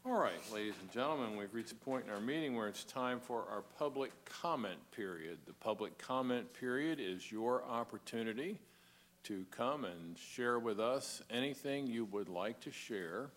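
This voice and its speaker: A man chairing a county planning commission meeting, moving briskly and politely through procedural items at a desk microphone. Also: mid-range voice, expressive, a bit bright, slight background noise.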